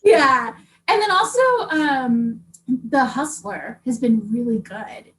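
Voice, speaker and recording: A woman guest in a casual interview, animated and giggly. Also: sits high, takes it slowly.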